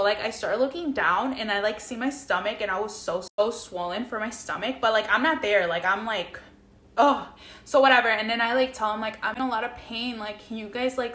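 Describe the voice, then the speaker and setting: A young woman tells her story straight to camera in a loose, chatty way. She acts out every exchange with "like" and swears freely. Her voice is bright and sharp, and it echoes around the room. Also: on the high side. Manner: animated, swears freely, acts out dialogue with many "like"s. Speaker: vlogger. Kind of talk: casual storytelling vlog.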